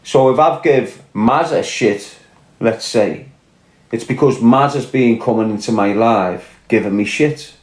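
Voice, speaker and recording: A man's voice: medium pitch, unhurried, reverberant. A man with a Scouse accent from Liverpool, ranting bluntly and answering viewers on a casual livestream. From Liverpool, England. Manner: blunt, combative, swearing, reading and answering chat. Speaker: livestream host.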